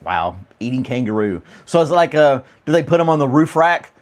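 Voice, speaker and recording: A man's voice: medium pitch, big pitch swings, fairly quick, slight background noise. A man hosting a casual chat stream, laughing often and rambling through questions to his viewers. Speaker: livestream host reading chat.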